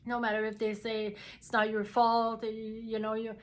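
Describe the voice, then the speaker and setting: Woman, casual first-person storytelling, halting delivery with many fillers, slightly higher pitch. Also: monotone. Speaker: vlogger telling a personal story.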